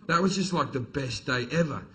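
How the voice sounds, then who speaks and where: A man's voice: mid-range voice, lively intonation, a little fast, sharp tone. A middle-aged man telling a crude, swear-filled story as a stand-up comedian on stage.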